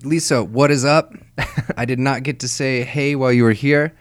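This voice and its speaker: A man co-hosting a podcast, upbeat and playful, tossing in jokes and teasing asides. His voice is of middling pitch and sounds close and dry, with no room echo. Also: steady tone, moderate pace. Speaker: podcast co-host. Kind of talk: casual chat.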